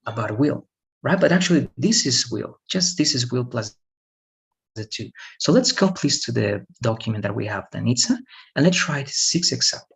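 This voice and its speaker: A man's voice: mid-range voice, lively intonation, moderate pace, vocal fry. A man teaching a one-on-one English lesson online, patiently explaining grammar and repeating example sentences.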